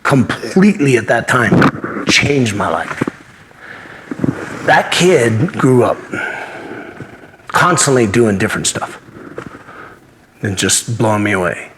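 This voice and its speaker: A man's voice: mid-range voice, lively intonation, slow pace, long pauses, background noise. A man in his fifties, a martial arts instructor, telling earnest personal stories as an interview guest and acting out the dialogue of the people in them. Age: 50s. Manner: earnest, anecdotal, acts out dialogue. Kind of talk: interview storytelling.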